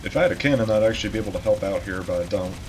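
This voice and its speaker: A man's voice: fairly low pitch, very fast, darkish tone, a little hiss or hum, low-quality recording. A man giving casual, chatty commentary over his own gameplay, swearing now and then and joking at himself. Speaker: gamer. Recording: game music behind. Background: game music and keyboard typing.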